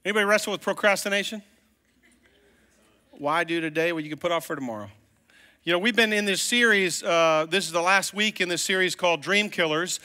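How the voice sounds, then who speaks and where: A male pastor preaching in a loose, chatty way, joking with his congregation as he goes. His voice is fairly high and bright. It rings with the long reverb of a large church sanctuary. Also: brisk. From Virginia, US. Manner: casual, joking and conversational. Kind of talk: sermon.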